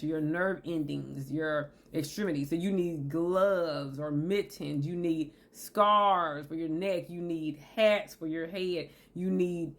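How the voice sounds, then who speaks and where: A woman speaks straight to her viewers in a casual, preachy way. She leans on repetition and fillers like "you know," driving each point home with emphasis. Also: on the low side. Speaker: motivational video host and author. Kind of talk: casual direct-to-camera talk on relationships.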